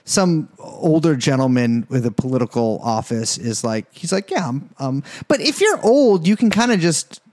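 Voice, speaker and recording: Man co-host, crude and jokey, very animated pitch. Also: normal speed, few pauses. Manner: crude, joking, swears a lot. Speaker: podcast co-host. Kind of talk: casual podcast chat.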